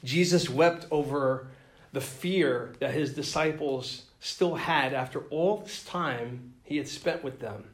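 Slow, earnest male homilist. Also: a little high, reverberant. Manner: slow, earnest, reflective preaching. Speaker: priest or deacon. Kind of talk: gospel reading and homily.

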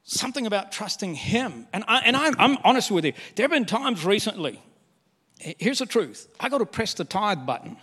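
Older man, pastor, animated sermon, high voice, swooping intonation, reverberant hall. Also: normal speed, husky. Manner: animated, candid preaching with humor and acted-out quotes.

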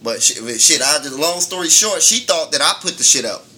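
A man's voice: fairly high pitch, lively intonation, fairly quick, bright, forceful tone. A man co-hosting a casual talk show, telling a long story in a laid-back, profane way and laughing often. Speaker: podcast co-host.

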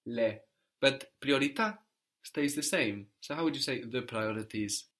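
A man's voice: medium pitch, measured pace, fairly bright tone. A man teaching a language lesson, patiently prompting a student and explaining grammar step by step.

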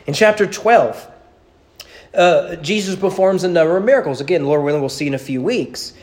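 A male pastor preaching a sermon in church, animated, with rhetorical questions and repeated words. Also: on the high side, normal speed. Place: church sanctuary.

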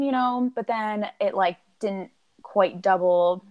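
A woman's voice: medium pitch, slow pace, a little mellow. Rambling woman podcast guest. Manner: rambling, lots of "like" and "um", acts out her own quotes. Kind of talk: casual chat.

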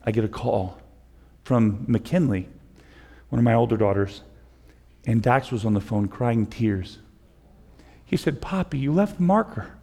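A man's voice: fairly low pitch, steady tone, unhurried, long pauses, warm tone. A middle-aged man preaching a sermon as pastor, conversational and repetitive, building to impassioned pleas. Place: church sanctuary. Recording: long hall reverb.

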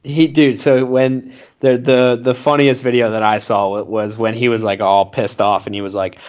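A young man co-hosting a casual sports talk show, relaxed and quick to agree. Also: medium pitch, highs cut off. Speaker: sports podcast co-host.

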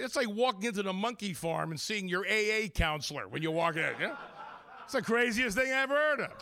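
Brash stand-up comic, man, high bright voice, rapid jokey delivery. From Ireland-descended American? no. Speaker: stand-up comedian guest. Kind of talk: stand-up comedy set. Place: local TV studio.

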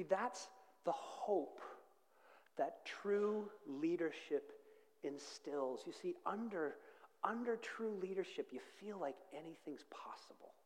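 A middle-aged pastor delivers a sermon in a slightly high voice. He drops to slow, hushed phrases, then builds to loud, fervent peaks. His voice rings with the long reverb of a large church hall. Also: expressive. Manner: dynamic preaching, swings from hushed to shouting.

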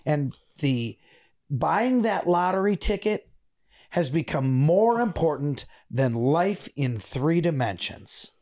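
Measured, explanatory man as podcast guest. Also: a little high, lively intonation, darkish tone. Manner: measured and explanatory, builds an argument. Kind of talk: casual podcast conversation.

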